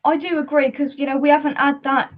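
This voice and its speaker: A woman's voice: high voice, little pitch movement, fast talker, narrow, tinny audio. A woman hosting a casual live fan preview show, chatty and hesitant with many ums. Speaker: fan channel host.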